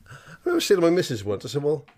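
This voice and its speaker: Middle-aged podcast co-host, blunt and sweary, animated delivery. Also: male voice, fairly high pitch, rapid-fire. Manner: blunt, sweary, lots of laughing asides. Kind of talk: casual chat.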